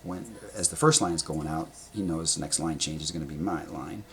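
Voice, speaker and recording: A man telling stories to his camera at a table indoors, animated and rambling, with blunt sound words and casual swearing. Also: rumbling low, moderate pace. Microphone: camera in front of him.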